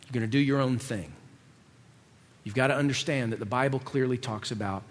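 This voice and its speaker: A man preaching a sermon in a casual, animated way, with slangy asides to his listeners. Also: mid-range voice, fairly quick, in a large hall. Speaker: pastor.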